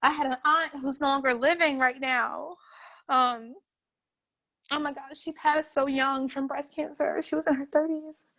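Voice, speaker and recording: Emotional young woman, high animated voice. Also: a little slow. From North Carolina, USA. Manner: animated, laughing, voice breaking with emotion. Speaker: interviewee, street artist. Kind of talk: emotional oral history interview.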